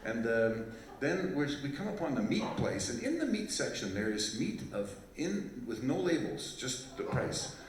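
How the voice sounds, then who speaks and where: A fiddler introduces a tune from a festival stage in a large hall, telling the live crowd a rambling, joking story packed with fillers and restarts. His mid-range voice is sing-song and unhurried, with few pauses. The hall is very echoey, he sounds far off, and faint crowd ambience lingers.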